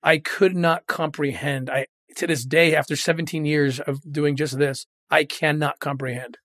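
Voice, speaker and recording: A man's voice: on the high side, fairly even intonation, moderate pace, a bit bright, no room sound. Earnest middle-aged man, dry studio sound. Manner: earnest, emotional, retells quoted dialogue. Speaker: former federal agent, interview guest. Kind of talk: candid interview storytelling.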